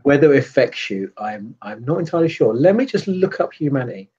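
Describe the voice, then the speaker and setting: A man narrating a tabletop role-playing game as game master, pausing and searching for words. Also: medium pitch, big pitch swings, a little mellow, husky. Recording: dull lo-fi sound.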